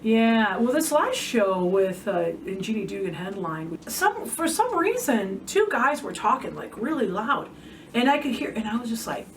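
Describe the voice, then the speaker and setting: A woman with a higher voice hosts a casual chat and reacts quickly, often laughing. She sounds set back from the mic, and a faint noise floor runs under her. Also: sing-song, far from the mic, poor audio. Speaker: podcast host.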